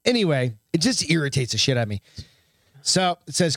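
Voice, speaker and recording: A man's voice: mid-range voice, big pitch swings, fast talker, no room sound, clean studio sound. A man co-hosting a casual podcast over drinks, swearing freely and reading news aloud in a sarcastic tone. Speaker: podcast co-host. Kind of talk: casual bar-style podcast chat.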